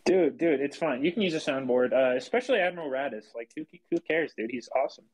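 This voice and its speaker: A young man giving tactics to his team over casual voice chat, talking in halting bursts with many fillers and restarts. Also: a little high, lively intonation, poor audio. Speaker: squadron leader and streamer.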